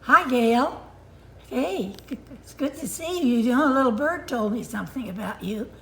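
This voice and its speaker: A woman's voice: fairly high pitch, lively intonation, normal speed. An older woman recording a playful, teasing birthday greeting to her daughter that turns tender. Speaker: mother giving a birthday greeting. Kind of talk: casual video greeting.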